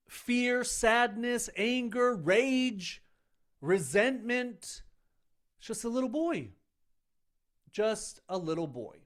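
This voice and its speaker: A middle-aged man coaching other men in an earnest, emphatic self-help talk, speaking in short punchy phrases. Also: high-pitched. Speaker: men's coach.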